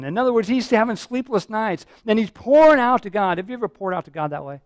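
Male pastor, sermon, high voice, earnest, stumbling restarts, dry close sound. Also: expressive, fast, few pauses, no echo. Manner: earnest, repetitive, frequent restarts and fillers.

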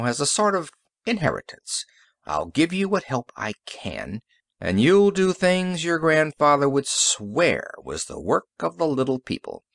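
A calm, confident inventor, read by a man who talks briskly and matter-of-factly, his pitch moving a lot. Recorded close and dry, audiobook style. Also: gravelly, no room sound, full character voice. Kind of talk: audiobook character reading.

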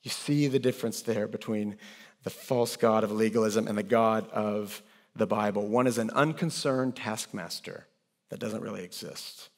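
A man preaching a sermon as pastor, earnest, moving between hushed words and raised emphasis. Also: on the low side, normal speed. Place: church sanctuary. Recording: long hall reverb.

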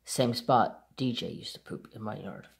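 A man who hosts a crafts channel, casually chatting and rambling about his dogs in an unhurried way. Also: fairly low pitch, creaky. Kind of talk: casual chat.

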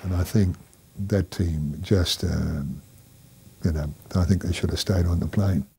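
A man's voice: deep voice, steady tone, a little slow, creaky, darkish tone, a little hiss or hum. A man from New Zealand recalling events in a dry, hesitant way. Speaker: interviewee. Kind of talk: interview recollection.

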